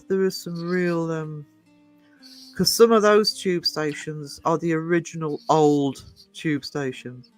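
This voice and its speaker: Man, casual chat, rambling anecdotes, lots of fillers, fairly high voice, faint music behind. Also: a bit bright, rough recording.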